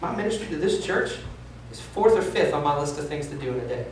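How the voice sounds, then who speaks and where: A man's voice: on the high side, expressive, fast. A pastor in his thirties preaching with candid, emphatic, self-deprecating honesty. His voice rings around a large, echoey church space. He sounds picked up from some distance, with faint room hiss underneath. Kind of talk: sermon. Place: church sanctuary.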